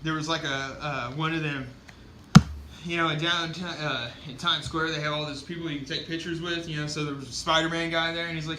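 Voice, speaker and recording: A man's voice: a little high, steady tone, fairly quick, noisy background. A man casually recapping a comic book, rambling with lots of fillers and swearing.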